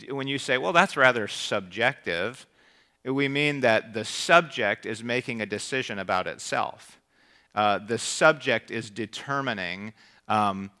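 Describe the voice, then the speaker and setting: A man's voice: medium pitch, pushed and bright. A man preaching a sermon in a conversational, rambling way, full of restarts and rhetorical questions.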